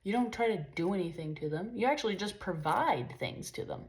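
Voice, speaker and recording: A woman's voice: medium pitch, expressive, brisk. A young woman talking in a casual, rambling vlog monologue, frank and profane with lots of fillers. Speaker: spiritual vlogger.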